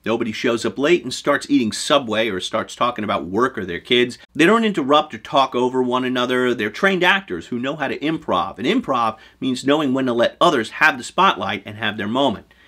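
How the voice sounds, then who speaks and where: A man's voice: mid-range voice, animated, brisk, hardly any pauses, bright, forceful tone. A man hosting a show, giving game master advice in a scripted talk to camera with emphatic delivery.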